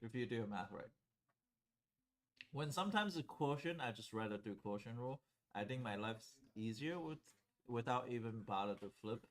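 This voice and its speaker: A man with a medium-pitched, expressive voice delivers a whiteboard calculus lecture at a moderate pace. His explanations are conversational, and he frequently checks whether students are following.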